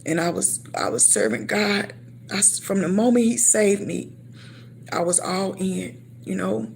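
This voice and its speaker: A woman's voice: medium pitch, unhurried, gravelly, slight background noise. A middle-aged woman telling a personal faith testimony, acting out her past conversations and often repeating and restarting her words. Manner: emotional storytelling, acting out her own past dialogue. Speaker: speaker sharing a faith testimony.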